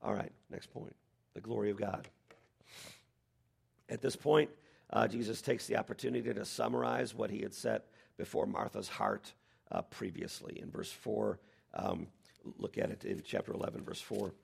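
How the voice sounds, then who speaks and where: A man preaching a sermon as pastor, animated, with dramatic quoted lines. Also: fairly low pitch, moderate pace, gravelly, husky.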